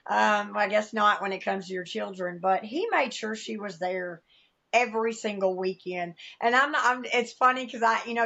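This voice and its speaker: A woman's voice: medium pitch, a bit bright, highs cut off. A woman with a Southern US accent, a podcast guest sharing a personal testimony, candid and emotional, acting out the voices she quotes. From American South.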